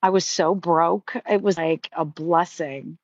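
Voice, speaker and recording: A woman's voice: lowish voice, steady tone, slow pace, no echo. A middle-aged woman telling stories in a casual live stream, chatty and heartfelt with many fillers. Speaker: livestream host. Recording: dry, slightly muffled stream audio.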